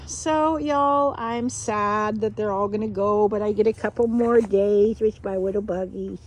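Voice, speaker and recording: A woman's voice: mid-range voice, unhurried. A woman who breeds dogs, chatting casually outdoors and slipping into baby talk with her puppies, swearing freely. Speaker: dog breeder. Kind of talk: casual vlog chat with puppies.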